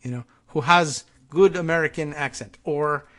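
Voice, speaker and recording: Man doing a mock Russian accent, scheming spymaster, clipped broken English, high-ish voice, bright sharp tone. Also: moderate pace, close to an everyday voice.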